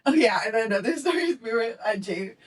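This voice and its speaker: A woman's voice: fairly high pitch, fast talker, recorded from a distance, rough recording. A woman in her twenties, co-hosting a podcast, chatting casually and acting out the dialogue in her stories. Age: 20s. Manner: animated storytelling, acting out dialogue. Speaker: podcast co-host. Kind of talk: casual chat.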